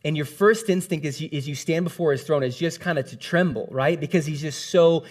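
Male preacher with a slightly high voice and a casual, conversational sermon delivery. He retells scenes with lively energy, and his pitch moves freely as he talks. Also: brisk.

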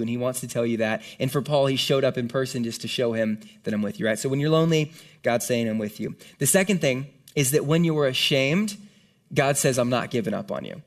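A male pastor preaching a casual, conversational sermon, animated and talking straight to the room. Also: medium pitch. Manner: conversational, animated, lots of "like" and "right?". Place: church hall with audience.

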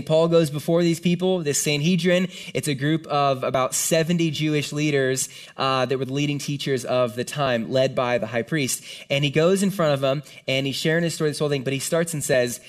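A man preaching a sermon to a congregation in a room. His voice sits a little high for a man, and his delivery is animated and conversational, full of casual slang. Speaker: pastor.

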